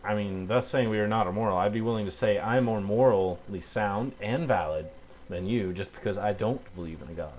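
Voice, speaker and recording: A man's voice: lowish voice, fairly quick, a little mellow, a little hiss or hum, poor audio. A young man delivering an angry, heated rebuttal rant into a webcam at home, cursing and stumbling over fillers. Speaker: video blogger.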